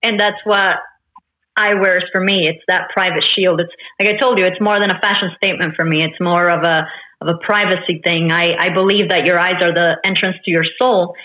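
A woman's voice: fairly low pitch, fairly even intonation, a little fast, pushed and bright, dull audio. A woman from Honduras, a podcast guest, speaking in an earnest way about her life and beliefs. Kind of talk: casual interview chat.

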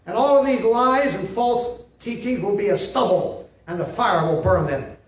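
A man's voice: high voice, normal speed, a little hiss or hum. A male pastor preaching a sermon in an emphatic, repetitive way, often checking in with "see?". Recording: echoey room, mic at a distance.

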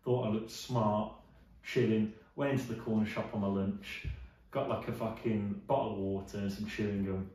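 A man's voice: fairly low pitch, steady tone, moderate pace, a little mellow. Young guy, podcast host, sweary storyteller, roomy echo, distant mic. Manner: swearing, storytelling, doing voices of people he quotes. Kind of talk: casual podcast chat. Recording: very echoey room, mic at a distance.

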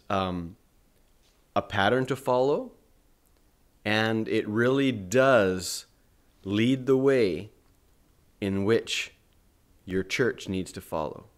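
Slow, hoarse, earnest male preacher. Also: fairly low pitch. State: hoarse morning voice. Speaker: family ministry host. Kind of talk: devotional teaching and Bible reading.

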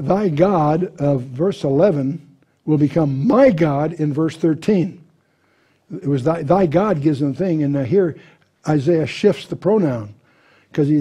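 A man's voice: on the high side, warm tone, breathy edge. A man teaching verse by verse through a Bible passage, reading scripture aloud with lifted emphasis and explaining it conversationally with frequent restarts. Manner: restarts and repeats words while thinking.

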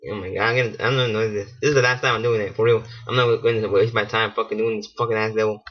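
Male gamer host, excitable and foul-mouthed, husky, dull lo-fi mic with mouse clicks. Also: on the low side, fast talker. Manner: excitable, swearing, laughing at himself. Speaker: gaming channel host. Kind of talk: casual let's-play commentary.

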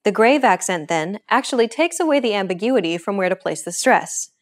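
A woman hosting a language lesson, reading a script with a clear, upbeat teacher's delivery. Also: medium pitch, expressive, a little fast.

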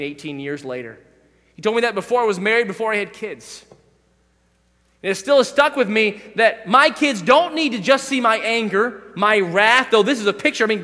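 A middle-aged man preaching from the pulpit with a high, bright, forceful voice. He shifts from relaxed, chatty asides to emphatic, impassioned calls to his congregation. The sound rings through a reverberant church sanctuary. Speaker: pastor. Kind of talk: sermon. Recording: echoey church hall.

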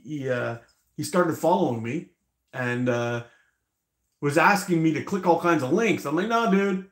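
A man's voice: fairly high pitch, echoey room. A man hosting a casual live stream, rambling, laughing often and swearing freely.

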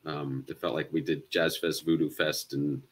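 A man chatting casually as a guest, speaking haltingly with many ums and restarts. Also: rumbling low, flat delivery, slight background noise. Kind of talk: casual chat.

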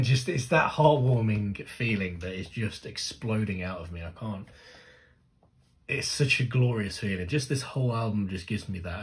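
A man hosting a music reaction, talking casually and rambling with restarts, often gushing and excitable. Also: lowish voice. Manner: gushing, excitable, laughs and sings along. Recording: music playing faintly behind.

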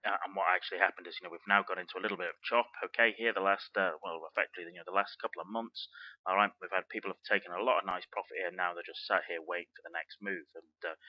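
Fast-talking deep-voiced man. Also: no room sound. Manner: rambling, full of "you know" and "okay?" check-ins. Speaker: forex trading educator. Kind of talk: chart analysis walkthrough. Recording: dull, dry lo-fi recording.

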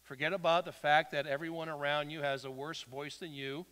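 High-voiced man preaching in a reverberant hall. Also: flat delivery, a little fast. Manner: swings from loud exhortation to quiet asides, acts out quotes. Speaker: pastor. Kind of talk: sermon. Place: church sanctuary.

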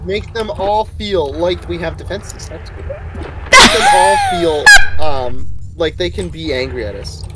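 A man in casual gaming chat with a slightly high, very lively voice. He jokes freely and turns insistent when he calls out where to go. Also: heavy background noise. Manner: excitable, jokey, shouts quick directions. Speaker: co-op game player announcing the daily challenge.

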